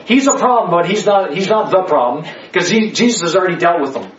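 A man with a high voice leads a Bible study, hammering on key words and asking "okay?" again and again. He sounds echoey and set back from the mic, in a dull, lo-fi recording. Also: expressive, fast talker, distant mic, slight background noise. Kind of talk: Bible study teaching to a small group. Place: indoor room with a listening group.

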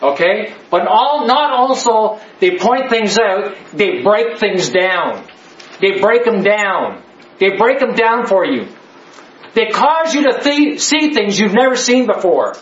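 A man's voice: high-pitched, fairly bright tone. A man teaching a Bible study class, emphatic and joking, full of rhetorical questions. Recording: echoey, slightly dull room.

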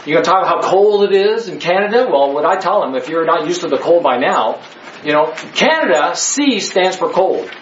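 A man's voice: fairly high pitch, big pitch swings, moderate pace, fairly bright tone, slight background noise. A man teaching a Bible study class, emphatic and joking, full of rhetorical questions. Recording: echoey, slightly dull room.

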